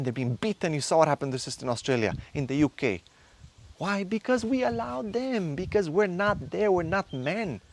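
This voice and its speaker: A man in his thirties giving an impassioned motivational lecture as a men's course instructor, hectoring his listeners with rapid-fire rhetorical questions. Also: medium pitch. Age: 30s.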